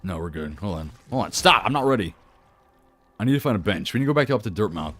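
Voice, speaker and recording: Animated man streaming a game. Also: mid-range voice, a little fast, faint music behind. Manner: animated, laughing and chatting with viewers. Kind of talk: live gameplay commentary.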